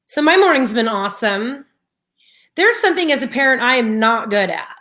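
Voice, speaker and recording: Bright, lively woman telling a story. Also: on the high side, moderate pace. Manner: animated storytelling, frustrated and laughing. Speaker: live stream co-host. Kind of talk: casual morning show chat.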